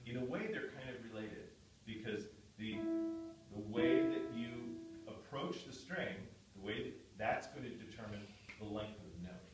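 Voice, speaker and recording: A man's voice: on the low side, moderate pace. A man giving a patient one-on-one guitar lesson, explaining with repeated words. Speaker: guitar teacher. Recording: echoey room, distant mic, guitar playing.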